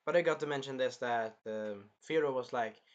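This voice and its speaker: A man hosting a casual anime review, rambling and animated, swearing freely as he recaps an episode. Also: mid-range voice, normal speed, highs cut off. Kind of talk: casual chat.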